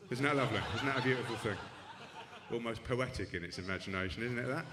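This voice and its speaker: A man's voice: mid-range voice, quick pace. A man doing a stand-up comedy set in a club, with dry, rambling, self-deprecating asides and frequent restarts. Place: comedy club stage with live audience. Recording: echoey club room with audience noise.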